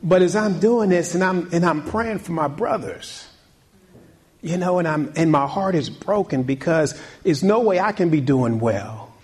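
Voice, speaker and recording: A fairly high-pitched pastor with a darkish tone preaches a sermon, repeating key points with rising intensity. He asks his congregation questions and calls out amen.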